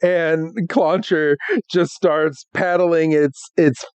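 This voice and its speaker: A man's voice: a little high, steady tone, extremely slow, smooth, no room sound. A man co-hosting a podcast in casual chat, laughing often as he recaps an episode and acts out the characters' lines. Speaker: podcast co-host. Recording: dull, muffled podcast audio.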